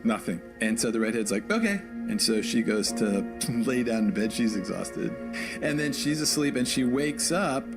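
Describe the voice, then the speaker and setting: A man telling a story in an animated way, acting out the quoted voices and dropping to a hush. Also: lowish voice. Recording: loud music under voice.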